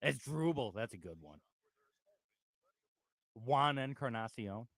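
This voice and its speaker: A male radio co-host with a mid-pitched voice that rises and falls widely. He talks loosely, joking and laughing as he banters. His sound is dry and close to the mic. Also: lively intonation, slow pace, a bit bright, no room sound. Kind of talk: casual sports chat.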